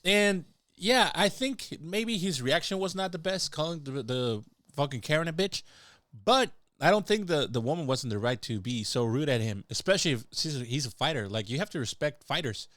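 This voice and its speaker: A man's voice: a little high, animated, normal speed, fairly bright tone, no echo, studio quality. A man chiming in on a friend's story in a casual, profane way. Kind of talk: casual chat.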